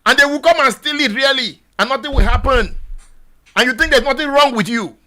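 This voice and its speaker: A Nigerian man hosting a radio talk show, exhorting his listeners in a repetitive, impassioned monologue that rises to shouts. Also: very high voice, fairly quick. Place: radio studio.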